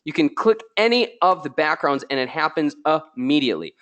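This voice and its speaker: A man hosting a live software tutorial, excitable and chatty, joking with his viewers, a little tired from being ill. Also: fairly high pitch, a little fast. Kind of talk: live screen-share tutorial.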